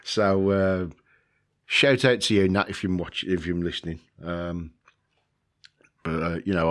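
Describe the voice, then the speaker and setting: A man's voice: deep voice, takes it slowly, pauses often, a bit bright. A man hosting a casual video, rambling through a list with lots of ums, joking about himself and swearing now and then. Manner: rambling, self-mocking, with frequent ums and swearing. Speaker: video host.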